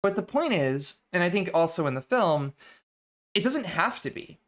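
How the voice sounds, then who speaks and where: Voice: mid-range voice, big pitch swings, moderate pace, fairly bright tone. An adult vtuber hosting a book reading series, talking through ideas in a thoughtful, conversational way with frequent restarts. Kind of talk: casual reflective lecture stream.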